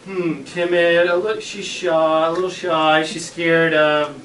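A man's voice: a little high, flat delivery, a little slow, a bit bright. A middle-aged man, a school superintendent, telling a playful story to a class of children and acting out the voices. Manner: playful, dramatic, acts out voices. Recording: echoey room, mic far off, children around.

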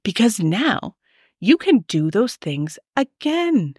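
A woman's voice: mid-range voice, sing-song, slow, husky, no room sound, clean studio sound. A woman hosting a solo podcast, coaching her listeners in an emphatic, ranty way.

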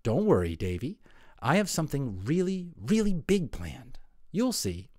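A man's voice: medium pitch, unhurried, no echo, studio quality, voice pushed up. A man voicing a determined, clever young girl rabbit in a storybook. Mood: reassuring. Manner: calm, confident.

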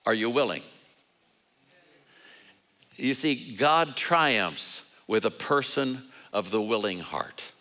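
An older man, a guest preacher, delivers a sermon full of storytelling in a mid-range, sharp-toned voice, captured on a low-quality recording. He's conversational, acts out voices in quoted dialogue, and uses self-deprecating humor.

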